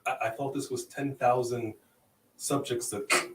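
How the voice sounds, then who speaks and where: A man hosting a casual livestream, giving playful, hyped shout-outs to viewers. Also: medium pitch, steady tone, a little slow, reverberant, recorded from a distance, a little hiss or hum, poor audio. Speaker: host.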